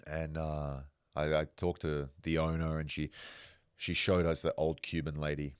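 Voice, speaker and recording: A man's voice: very deep voice, level tone, measured pace, clear, resonant tone, dry recording, studio quality. A man hosting a podcast, telling stories casually, swearing freely and acting out the voices of the people he quotes. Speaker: podcast host. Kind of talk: casual storytelling.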